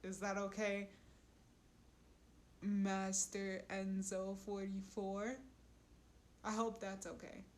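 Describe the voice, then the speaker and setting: A woman's voice: medium pitch, monotone, slow pace, long pauses, a little mellow, slight background noise. A woman in her twenties chatting casually on a live stream, rambling and frank, often breaking into giggles. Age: 20s. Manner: giggly, laughs between sentences; loose and rambling, frank about crude topics.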